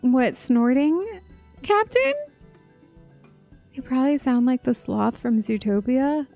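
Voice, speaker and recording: A woman's voice: sits high, animated, slow pace, gravelly, warm tone, faint music behind. A woman streaming a game, chatting casually and giggling at her own attempts at character voices. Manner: giggly, self-deprecating chatter. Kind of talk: casual gaming livestream commentary.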